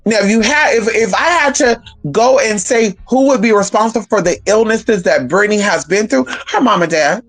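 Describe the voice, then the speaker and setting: A woman's voice: medium pitch, normal speed, few pauses, soft background music, low-quality recording. A woman hosting a casual livestream, talking bluntly with profanity and emphatic repetition. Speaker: livestream host.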